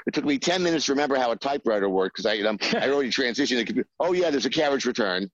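A man telling a behind-the-scenes anecdote in an interview, halting with many fillers and acting out the voices he quotes. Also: medium pitch, lively intonation, no echo, muffled recording. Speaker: screenwriter guest.

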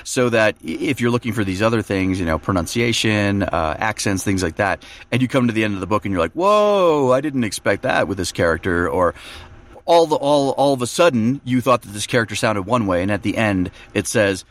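A man who narrates audiobooks, talking in a relaxed podcast chat and explaining his process with fillers and restarts. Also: lowish voice, fairly quick.

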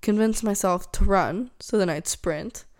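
A woman's voice: mid-range voice, a little slow, darkish tone. A young woman hosting her own podcast, chatting casually and rambling with lots of fillers. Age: young adult. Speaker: podcast host. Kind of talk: casual solo chat.

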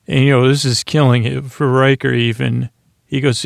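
A man hosts a sleepy podcast with a gravelly voice. He rambles softly through a story recap and doubles back on himself often. His pitch barely moves, and the sound is close and dry. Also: steady tone, normal speed, no echo. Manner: meandering, full of fillers and restarts; soft, low-key delivery. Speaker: podcast host. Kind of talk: rambling bedtime episode recap.

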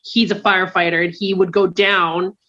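A woman's voice: lowish voice, little pitch movement, moderate pace, sharp tone, highs cut off. A woman chatting as a podcast guest, making dry, blunt asides. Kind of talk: casual podcast chat.

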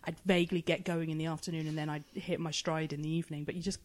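A woman's voice: low-pitched, flat delivery, quick pace, a little mellow. A woman, a writer and mother, chatting casually on a podcast, chatty and self-deprecating, often laughing and acting out her anecdotes. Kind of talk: casual chat.

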